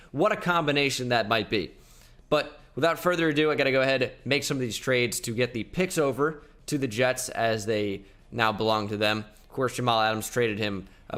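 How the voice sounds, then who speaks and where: A man's voice: medium pitch, fairly bright tone. A young man giving casual, rambling commentary over his video game footage as a channel host. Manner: chatty, rambling, quick asides.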